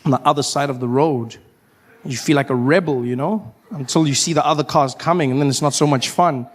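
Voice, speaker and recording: High-voiced animated male comedian. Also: a little fast. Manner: animated, acts out voices and shouts. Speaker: stand-up comedian. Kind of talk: stand-up comedy storytelling.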